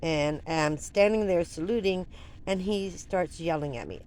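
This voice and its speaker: An older woman vlogger telling a personal story in an animated, rambling way, full of restarts and asides. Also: lowish voice, unhurried.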